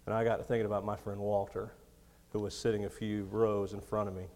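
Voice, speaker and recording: A man in his thirties preaching a sermon in a storytelling way, laughing often and swinging between quiet, close moments and loud ones. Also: on the low side, little pitch movement, quick pace. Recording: long hall reverb.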